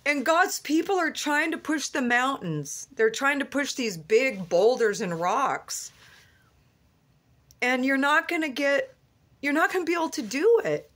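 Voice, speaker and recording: A woman's voice: high voice, animated, measured pace, fairly bright tone. Earnest woman preaching from her car. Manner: earnest, rambling, with many restarts and "you know". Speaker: Christian vlogger. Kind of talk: fervent religious monologue.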